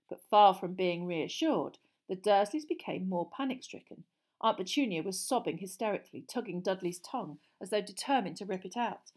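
A woman narrating a storybook audiobook in a steady, clear reading voice. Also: mid-range voice, moderate pace.

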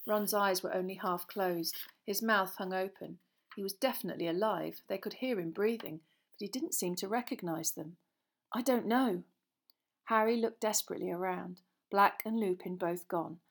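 A woman reads a fantasy novel aloud at a middle pitch. Her narration is tense and expressive, and it builds suspense line by line. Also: normal speed, creaky. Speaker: audiobook reader. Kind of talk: dramatic storybook narration.

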